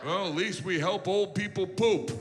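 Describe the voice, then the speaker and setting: A man's voice: sits high, normal speed, heavy background noise, close to an everyday voice. A man voicing a self-pitying male grapefruit that whines and complains. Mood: sulky. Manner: whiny, complaining. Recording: long hall reverb, loud ambience.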